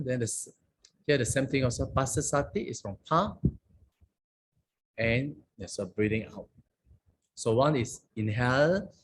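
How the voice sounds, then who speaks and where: A Buddhist monk teaches a lesson on a scripture language, reciting verses slowly and frequently checking in with "okay?" and "huh?". His voice sits in the mid-range and is slightly rough.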